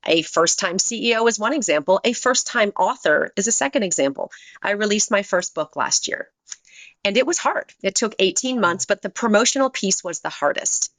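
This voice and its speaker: A middle-aged woman, a guest on a podcast, telling a personal story in an earnest way and shifting her pitch when she quotes other people. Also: lively intonation, normal speed, a bit bright, dry recording. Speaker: guest, business leader and author.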